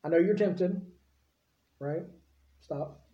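Man, pastor, sermon, conversational preaching, dull lo-fi recording, fairly high voice. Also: moderate pace. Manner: conversational preaching, checks in with listeners. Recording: echoey room, dull lo-fi sound.

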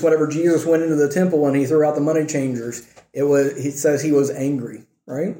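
A man's voice: on the high side, dark tone, reverberant. A man teaching a church class on marriage, often asking the class questions and checking in with "okay" and "right". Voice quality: says he has trouble with R's.

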